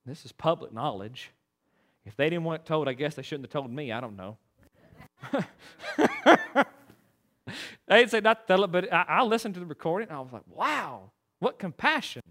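A man's voice: fairly high pitch, expressive, normal speed, pauses often, a bit bright. A man preaching a sermon as pastor, emphatic and preachy, with stammered restarts.

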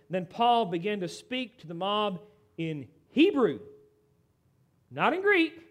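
A middle-aged American man preaching a sermon in an animated, conversational way, with asides to the congregation. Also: on the high side. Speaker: pastor.

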